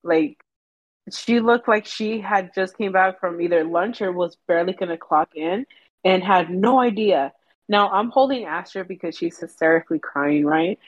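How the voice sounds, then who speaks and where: Low-voiced woman, dull dry sound. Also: moderate pace, no echo. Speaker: friend telling a story. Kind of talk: casual storytelling among friends.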